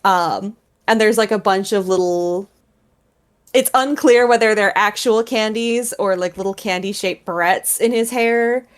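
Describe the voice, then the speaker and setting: A woman narrating a tabletop role-playing game as game master, relaxed with many fillers. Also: medium pitch, measured pace, smooth.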